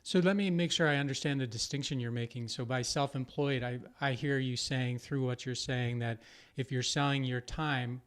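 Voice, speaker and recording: A man's voice: medium pitch, steady tone, moderate pace, hardly any pauses, a bit bright. A man hosting a podcast, asking clarifying questions and giving short affirmations. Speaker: podcast host. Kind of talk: casual interview talk.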